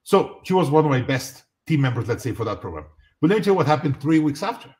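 Man telling a lively story. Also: a little high, fast talker. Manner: animated, acts out dialogue in anecdotes. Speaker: guest. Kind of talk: storytelling in a live talk.

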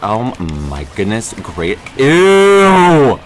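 A woman's voice: very deep voice, very animated, drawn-out words. A woman gamer chatting casually over a fighting game, teasing the others and laughing often. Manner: teasing trash talk, frequent laughter. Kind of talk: casual gaming chat. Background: game music.

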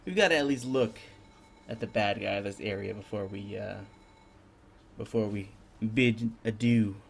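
A man's voice: fairly low pitch, normal speed, vocal fry, slight background noise. A man casually talking through a video game as he plays, half-mumbling to himself. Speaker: gaming video host. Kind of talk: let's-play commentary. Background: faint game music.

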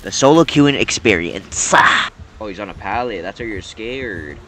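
A man's voice: fairly low pitch, lively intonation, normal speed, very noisy. A man giving live gameplay commentary, exclaiming and pleading at other players. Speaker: gaming YouTuber.

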